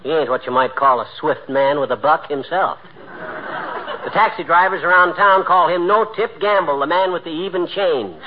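A man's voice: on the high side, moderate pace, natural voice. An actor playing a boastful, tight-fisted small-town man in a 1940s radio comedy, brash and blustery. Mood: bragging. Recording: hissy muffled old radio broadcast.

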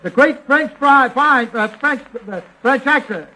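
A man's voice: very high-pitched, expressive, unhurried, sharp tone, rough recording. A comedian doing a 1930s radio comedy routine, drawling and grumbling insulting asides under his breath.

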